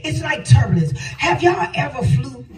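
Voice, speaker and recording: An older woman preaching a sermon, swinging between shouted phrases and a sing-song cadence. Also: high-pitched, very animated, normal speed. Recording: echoey hall, voice from a distance, faint music.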